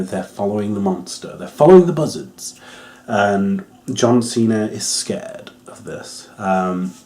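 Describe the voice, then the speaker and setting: A man giving a casual, rambling wrestling review, full of fillers and restarts, getting louder and excited when he jokes. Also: medium pitch. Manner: gets excited and loud when joking.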